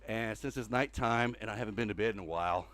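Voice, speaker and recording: A man's voice: fairly low pitch, fast, fairly bright tone, no room sound. Out-of-breath older man streaming a game. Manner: rambling, thinks aloud, chatty with viewers. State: out of breath, walking on a treadmill. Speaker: Minecraft livestream host. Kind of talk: casual gameplay livestream chat.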